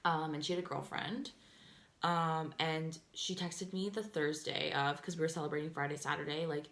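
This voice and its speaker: A young woman with a fairly low voice tells a storytime vlog in loose, chatty fashion. She fills her talk with "like" and "um" and slips into animated voices when she quotes what people said. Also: roomy sound. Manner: chatty, fillers of "like" and "um" throughout. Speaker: vlogger.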